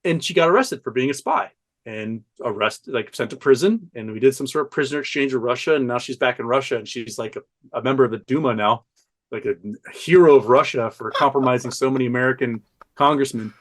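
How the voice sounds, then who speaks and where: A man talking as a podcast guest, telling a story in an animated, profane way and laughing often. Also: mid-range voice, fast. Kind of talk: casual storytelling chat.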